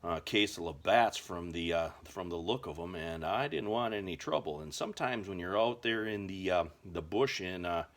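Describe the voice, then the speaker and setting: A man's voice: deep voice, normal speed, hardly any pauses. An American man telling survival stories in a folksy, rambling way, full of filler words. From United States. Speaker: survival vlogger. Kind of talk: casual storytelling to camera.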